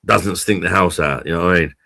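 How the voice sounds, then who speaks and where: Bloke hosting his stream, low voice, kinda punchy tone, swears and laughs a lot, dry sound. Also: quick pace, creaky, bright, forceful tone, no echo. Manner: laid-back, sweary, laughs often. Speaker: host of a drinks review live stream. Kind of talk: casual live-stream chat.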